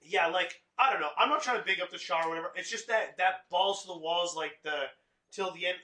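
A man's voice: sits high, brisk, pushed and bright, echoey room. A man chatting casually as a podcast co-host in a small studio, rambling with lots of "like". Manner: rambling, many "like" fillers. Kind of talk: casual chat.

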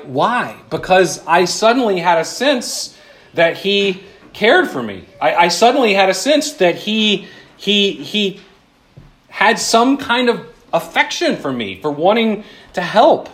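A married man preaching a sermon, earnest and conversational, dropping to a hushed voice on key points. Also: sits high, very animated, unhurried. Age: adult, married with children. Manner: earnest, drops to a hushed voice for emphasis; conversational asides with self-deprecating humor. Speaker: pastor.

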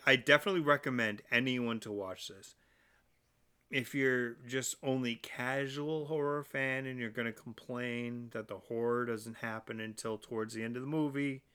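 A man's voice: mid-range voice, pushed and bright, smooth. A man co-hosting a podcast in casual chat, blunt and casually swearing. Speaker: podcast co-host.

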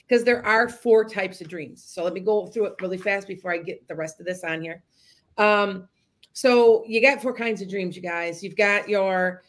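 A woman with a medium-pitched, fairly bright voice hosts a podcast as a psychic medium. She tells her listeners stories casually and ramblingly, often restarting and wandering into asides.

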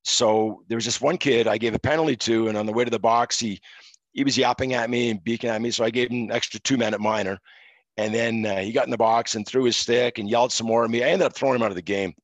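A middle-aged man from Quebec, a former referee, telling stories in a relaxed interview with many fillers. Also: mid-range voice, quick pace, dry recording, low-quality recording. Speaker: podcast guest, former hockey referee. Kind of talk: casual interview storytelling.

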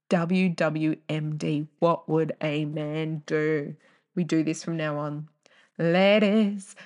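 A young woman hosting a casual solo podcast, rambling off on tangents with loud bursts of exclamation. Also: low-pitched. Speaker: podcast host.

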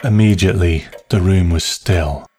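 A man narrating a story in a slow, measured, hushed way. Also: low-pitched.

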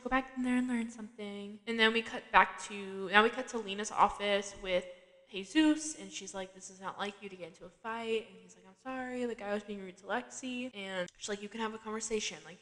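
A woman podcast host recaps a TV episode in relaxed, conversational talk. Her speech is full of "like" and quick laughs. Her voice sits at a middle pitch, and a long reverb trails behind it. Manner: chatty, laughs often, frequent "like" fillers. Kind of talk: casual chat.

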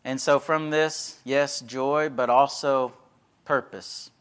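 A man's voice: medium pitch, steady tone, slow, fairly bright tone, smooth. A man, a preacher telling stories in a folksy, conversational sermon. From Texas. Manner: folksy, conversational, acts out quoted voices. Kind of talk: sermon with storytelling.

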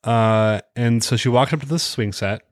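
On a clean studio recording with no room sound, a man speaks at normal speed in a mid-range voice. As a podcast co-host, he retells episodes at length in casual chat, full of crude jokes and fillers.

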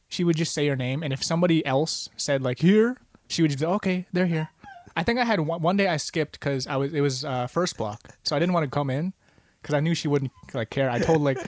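A man's voice: on the high side, no echo. Giggly young man telling stories. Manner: animated storyteller, giggly, acts out quotes. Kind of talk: casual chat among friends.

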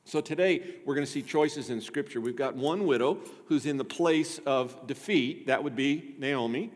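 Pastor preaching in a reverberant church. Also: male voice, medium pitch, normal speed. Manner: lively, with joking asides to the congregation. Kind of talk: sermon. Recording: long reverb of a church sanctuary.

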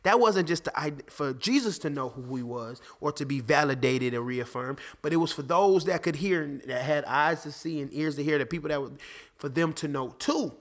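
Animated man hosting a faith podcast. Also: fairly high pitch, moderate pace. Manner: animated, restarts often, acts out conversations. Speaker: podcast host; father. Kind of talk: casual faith talk.

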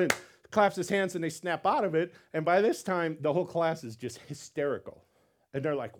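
A man preaching a sermon as pastor, animated, repeating words and acting out quotes. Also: fairly high pitch, moderate pace.

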